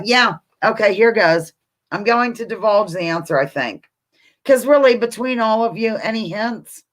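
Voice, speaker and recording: Woman, home live-stream quiz host, lively up-and-down delivery, chatty with viewers. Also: fairly low pitch. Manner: chatty, reads viewer comments aloud, talks to her dog between questions. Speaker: livestream host. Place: home, indoors.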